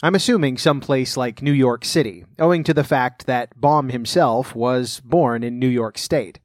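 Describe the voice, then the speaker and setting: Brief: male storyteller, measured, dry close recording. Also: medium pitch, no echo. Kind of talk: storybook narration and commentary.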